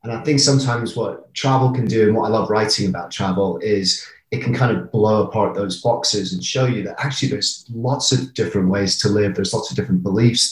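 An English man in his forties, a travel writer, speaks in a low voice with an English accent that keeps a faint American r. He chats casually and reflectively, laughing often. The recording has a roomy echo. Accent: southern English with American r. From England. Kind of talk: casual interview.

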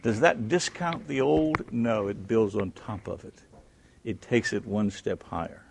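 A man teaching a Bible class who questions his listeners, answers himself, and swings between loud emphasis and hushed tones. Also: on the low side, a little slow, gravelly, a little hiss or hum.

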